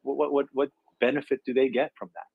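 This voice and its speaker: A man in a casual online chat, talking in halting, stammering bursts. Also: medium pitch, flat delivery, creaky, husky, dry recording, phone-quality sound.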